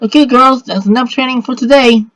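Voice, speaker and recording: Brief: man voicing a loud excited boy hero, high-pitched, storybook read. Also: a little fast. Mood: eager. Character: eager young boy, spellcaster.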